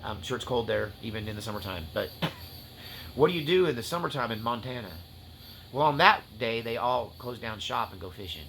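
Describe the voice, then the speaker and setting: A man's voice: medium pitch, expressive, moderate pace, gravelly, slight background noise. A man preaching on spiritual warfare, talking with passionate fervor that swings to loose joking asides. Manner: impassioned, rising to near-shouts and tearful intensity, then joking asides. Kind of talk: fiery spiritual-warfare teaching.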